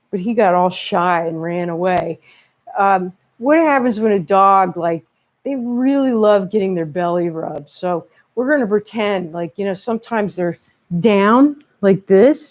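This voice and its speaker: A woman's voice: medium pitch, darkish tone. A woman guiding a children's yoga class in a library, chatty and encouraging, often checking in with the kids and laughing along. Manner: cheerful, chatty, encouraging with frequent okays and laughs. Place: library, indoors. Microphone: wearing a microphone.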